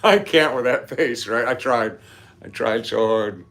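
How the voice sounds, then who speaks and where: A man with an expressive, slightly bright mid-range voice takes his time as he hosts a relaxed livestream. Reading viewer comments, he chats, meanders into nerdy side topics, and laughs a lot.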